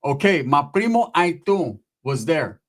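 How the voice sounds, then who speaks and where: Casting: male comic storyteller, rambling and profane, voice on the higher side. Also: sing-song, a little slow. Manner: profane, rambling, slips into impressions of relatives. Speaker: comedic storyteller. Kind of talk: casual comedic storytelling monologue.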